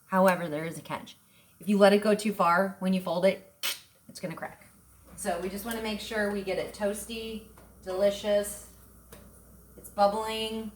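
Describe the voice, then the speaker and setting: In an echoey home kitchen with faint background noise, a woman from an Italian family background hosts a casual cooking demonstration. Her voice is medium-pitched, and she's chatty and enthusiastic, posing questions to herself and then answering them.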